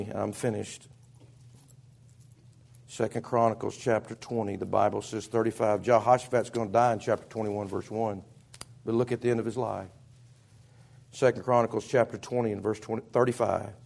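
A man preaching a sermon as pastor, with impassioned delivery that swings between loud and soft. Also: medium pitch, creaky.

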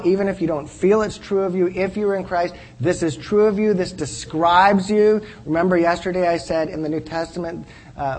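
A man with a high voice gives sermon-style teaching to a class. He speaks earnestly and drives each point home by repeating it. He often pauses to ask his listeners whether they follow. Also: poor audio. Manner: earnest, repeats key phrases for emphasis, checks in with listeners.

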